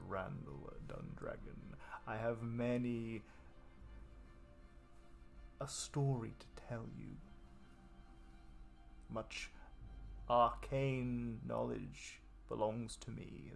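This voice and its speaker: A gravelly, coaxing voice of an ancient dark entity, played by a man. It speaks slowly and invitingly, as if drawing the listener closer, with soft music playing faintly underneath. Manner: slow, low, coaxing. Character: ancient male dark scaled entity, seductive.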